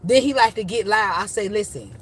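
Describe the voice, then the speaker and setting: A woman who works in childcare telling casual stories to the camera, animated and emphatic, leaning on "literally" and "you know" as she acts out her own comebacks. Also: medium pitch, fairly quick, a little hiss or hum. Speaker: vlogger and childcare worker.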